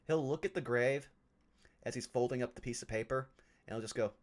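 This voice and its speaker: Halting man narrating his character's moves. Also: medium pitch. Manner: halting, self-correcting, sheepish. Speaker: player. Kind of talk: tabletop role-play narration.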